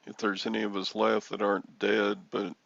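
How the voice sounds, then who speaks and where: A man's voice: on the low side, flat delivery, normal speed, gravelly, a bit bright, dull audio. A man in his sixties hosting a reseller livestream, rambling and joking as he answers chat comments. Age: 60s.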